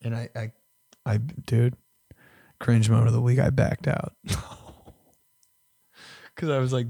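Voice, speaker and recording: A young man hosts a podcast and tells crude, self-mocking stories in a loose, chatty way. His voice sits in a middle pitch and often swings between loud and hushed. The sound is dry and close, with no room echo. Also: flat delivery, measured pace, vocal fry, long pauses. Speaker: podcast host. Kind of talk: casual storytelling.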